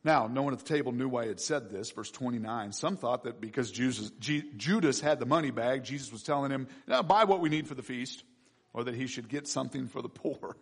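A man preaching a sermon with emphatic delivery and sudden loud peaks. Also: mid-range voice, fast talker, few pauses, breathy edge. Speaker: pastor.

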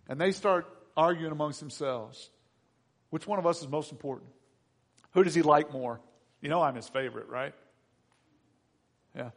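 A male preacher delivering a sermon in an animated, teasing and humorous way. His voice sits somewhat high. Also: normal speed, long pauses.

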